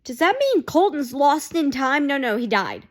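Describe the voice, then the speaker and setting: A woman vlogger reacting to a TV episode in an excitable, gushing way, full of exclamations. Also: high-pitched, moderate pace.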